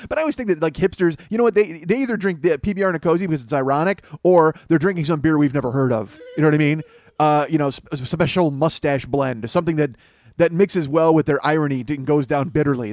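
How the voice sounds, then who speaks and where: A middle-aged man hosting a solo comedy podcast, rambling and profane, breaking into loud mock voices. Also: a little high, no room sound. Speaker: comedian host.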